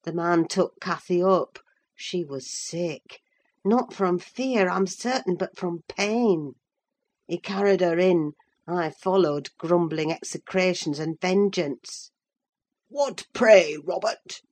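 A woman reading a novel aloud, narrating in a steady, measured way. Her voice sits a little low for a woman. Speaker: audiobook reader. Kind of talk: scripted narration.

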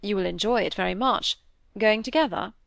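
A woman reading the part of an earnest young Victorian gentleman in an audiobook, measured and sincere. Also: medium pitch, vocal fry, no echo.

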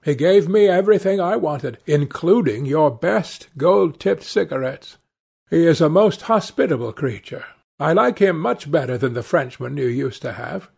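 Male narrator voicing a grave, earnest gentleman painter; gravelly audiobook delivery. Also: fairly high pitch, expressive, normal speed, heavily acted.

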